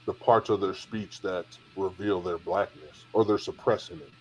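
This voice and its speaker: A man's voice: deep voice, fairly even intonation, moderate pace, soft background music, poor audio. A man in a casual panel discussion, assertively explaining his view and correcting others.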